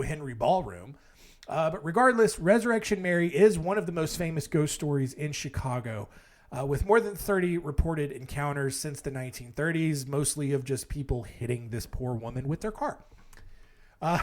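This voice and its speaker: A man hosting a storytelling podcast, telling ghost stories in a wry, digressive way, full of fillers and asides. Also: fairly high pitch. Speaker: podcast host.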